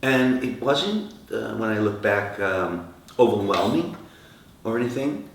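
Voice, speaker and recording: Man, very deep voice, rock singer recounting anecdotes, roomy echo, distant mic, faint hiss. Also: a little slow. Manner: animated anecdotes, acting out quoted dialogue. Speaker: rock singer, interview guest. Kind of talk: storytelling interview answers. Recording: echoey room, from far off, faint noise.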